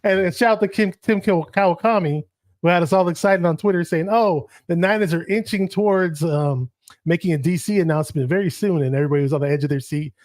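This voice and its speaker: A man co-hosting a casual sports podcast, talking quickly and conversationally with fillers. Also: sits high, a little mellow, no echo.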